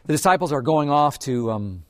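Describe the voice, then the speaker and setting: Earnest man giving a gentle sermon. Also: a little high, animated, moderate pace, no room sound. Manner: earnest and gentle, often softening to a hush. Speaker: pastor. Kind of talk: devotional sermon.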